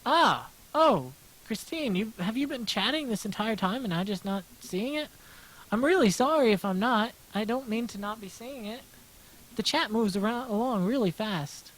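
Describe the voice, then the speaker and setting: Gentle smooth-voiced American man. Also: sits high, expressive, moderate pace, rough recording. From United States. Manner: rambling, self-deprecating, answers chat aloud. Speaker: livestreaming artist. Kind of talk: casual livestream chat while drawing.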